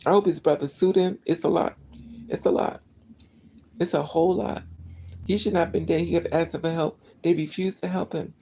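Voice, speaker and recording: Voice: medium pitch, fairly even intonation, normal speed, vocal fry, warm tone, slight background noise, rough recording. A vlogger telling a story as a casual rant, emotional and indignant, repeating phrases for emphasis.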